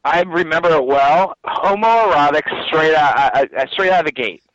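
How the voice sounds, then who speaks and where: A man co-hosting a podcast chats in a jokey, animated way, and his pitch rises and falls a lot. The recording sounds dry and slightly dull. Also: normal speed, no echo. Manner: jokey, animated, slips into goofy high voices. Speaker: podcast co-host. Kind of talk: casual chat.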